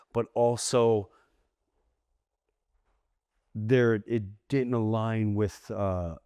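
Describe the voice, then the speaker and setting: A middle-aged American man, a comedian guest on a podcast, telling candid stories in animated bursts with restarts and acted-out voices. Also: on the low side, dry recording, studio quality. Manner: animated storyteller, acts out quoted voices, frequent restarts. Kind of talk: candid storytelling in a long-form interview.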